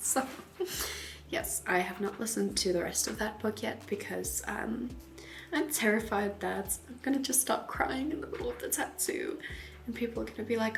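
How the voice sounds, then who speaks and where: A woman tattoo artist giving casual, rambling voice-over commentary, often soft and half-whispered, with giggles. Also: on the high side, normal speed, creaky, long pauses, faint music behind.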